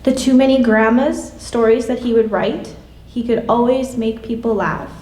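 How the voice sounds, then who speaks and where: A woman's voice: a little high, steady tone, normal speed, dark tone. Woman reading a eulogy in an echoey church. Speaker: classmate giving a memorial tribute. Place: church hall. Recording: echoey hall from a distance.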